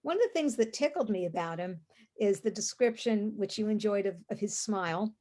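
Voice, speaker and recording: A woman with a voice of ordinary pitch, co-hosting a casual podcast about a novel. She explains her points thoughtfully and at length, pausing on fillers as she works through her ideas. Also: expressive, dark tone. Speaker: co-host discussing a novel.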